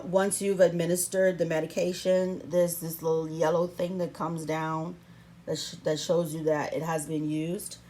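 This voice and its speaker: A woman's voice: fairly low pitch, darkish tone. A woman talking through a how-to vlog in a playful, sassy, chatty way, recording herself at home on a camera stand. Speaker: vlogger.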